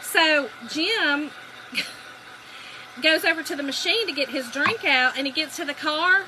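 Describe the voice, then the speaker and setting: A woman's voice: high voice, unhurried, bright, forceful tone, a little hiss or hum, low-quality recording. A woman with a Southern US accent hosting a crafting livestream, chatting with viewers and telling stories. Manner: chatty storytelling, addresses viewers as y'all. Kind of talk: casual crafting livestream chat.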